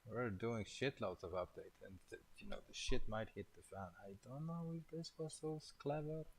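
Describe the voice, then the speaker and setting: A man's voice: mid-range voice, normal speed, creaky, breathy edge, low-quality recording. A man thinking aloud while live coding, muttering to himself in casual, half-finished and mildly profane remarks. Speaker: programmer leading a coding session.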